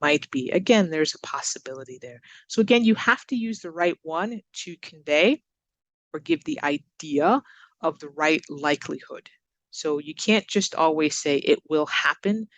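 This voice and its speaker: A woman teaching English to learners, giving example sentences and repeating words slowly with exaggerated stress. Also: low voice, lively intonation. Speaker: ESL teacher. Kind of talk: recorded English lesson.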